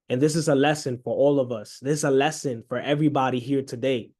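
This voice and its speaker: A young man preaching a story-sermon, acting out the excited son in a high voice and the father in a low, slow one.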